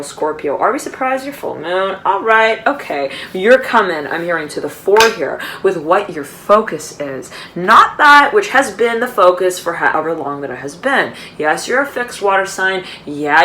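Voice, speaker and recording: A woman gives an intuitive tarot reading in a rambling, repetitive way, dotted with fillers and laughs. Her voice sits somewhat low for a woman. A faint hiss of background noise runs underneath. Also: pushed and bright, rough recording. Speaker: tarot card reader.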